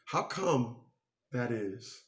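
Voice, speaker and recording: A man's voice: mid-range voice, lively intonation, drawn-out words, a bit bright. A man giving a motivational monologue who speaks emphatically and repeats phrases to drive his points home.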